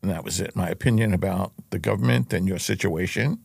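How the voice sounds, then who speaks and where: A man's voice: deep voice, quick pace, vocal fry, a little mellow, slightly rough, no echo. An older man, a guest on a podcast interview, speaking casually in a studio, playful at times and earnest at others. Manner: giggly and playful, then earnest. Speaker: guest, host's father.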